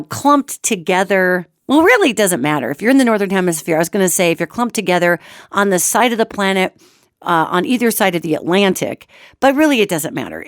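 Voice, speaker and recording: A middle-aged woman hosting a solo talk show on metaphysics, hoarse from a cold, chatty and animated as she addresses her listeners. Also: medium pitch, no room sound, studio quality. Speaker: radio show host.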